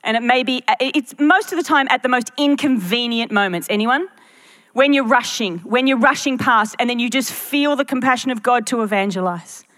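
Woman pastor preaching in church, fairly high voice, earnest, keeps asking the room questions. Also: normal speed, a bit bright. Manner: earnest, rhetorical questions to the congregation. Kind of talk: sermon.

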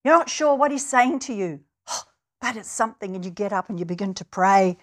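A woman's voice: medium pitch, lively intonation, normal speed. A woman from New Zealand preaching a sermon, earnest, and building to emphatic, stirring passages. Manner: earnest, rises to emphatic exclamations.

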